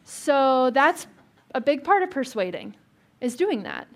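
A woman's voice: high-pitched, big pitch swings, a little slow. A woman pastor giving a conversational sermon in church, asking the congregation questions and adding light jokes.

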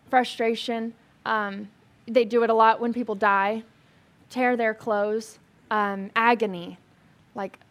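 Chatty woman teaching scripture, higher voice. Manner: chatty and animated, many "like" fillers, humorous asides. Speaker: Bible teacher. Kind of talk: casual sermon teaching to a live group.

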